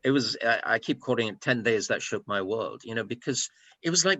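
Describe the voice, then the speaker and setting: A middle-aged man from Pakistan speaks as an interview guest with a bright, sharp edge to his voice. He talks from the heart, circling back and repeating phrases. The sound is close and dry. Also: medium pitch, expressive, brisk, no room sound. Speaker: guest, food and hospitality consultant. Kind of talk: personal interview conversation.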